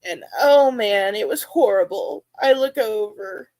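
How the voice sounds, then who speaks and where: A woman, hosting her aquarium vlog and chatting casually, laughing often and jumping into high-pitched reenactments of her own reactions. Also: a little slow, darkish tone. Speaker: aquarium channel host. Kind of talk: casual chat to livestream viewers.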